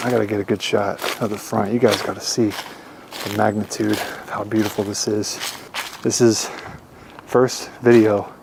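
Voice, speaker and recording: A man's voice: lowish voice, noisy background. A man narrating his urban exploration vlog outdoors, eager and guiding viewers along. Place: outdoors at an old house.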